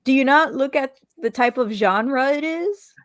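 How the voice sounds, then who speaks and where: A woman's voice: sits high, measured pace, no echo. A woman, a podcast co-host, teasing her partner with laughs in casual chat.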